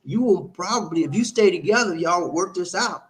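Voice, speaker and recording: A middle-aged man hosting a live stream, giving relationship advice in a loose, animated, repetitive way and laughing often. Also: high-pitched, normal speed. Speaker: host answering viewer comments.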